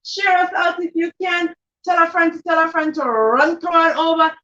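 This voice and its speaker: A woman hosting a live-streamed reading show, greeting viewers and reading out chat comments with repeated shout-outs. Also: extremely high pitch, steady tone, moderate pace. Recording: roomy, distant, dull lo-fi sound.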